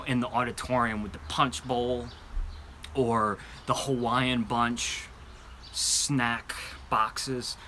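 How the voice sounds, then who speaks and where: In a bright, forward voice at an ordinary pitch, a candle review channel host chats loosely during a live show-and-tell, rambling with fillers and restarts. He describes each scent eagerly, and there's slight background noise.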